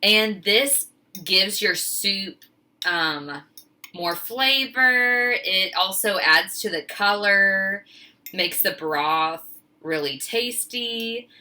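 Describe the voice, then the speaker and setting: She's a teacher talking her way through a home cooking video, drawing out her words in a bright, forceful, medium-pitched voice. She's casual and chatty, somewhat flustered, and quick to make fun of herself.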